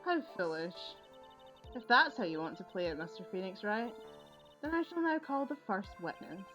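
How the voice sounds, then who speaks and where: Casting: woman voicing a cold, arrogant young female prosecutor for a video game, plain reading, mid pitch, dull lo-fi sound. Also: sing-song, moderate pace, fairly bright tone, faint music behind. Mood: haughty. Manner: arrogant, scornful. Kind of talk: reading game dialogue aloud.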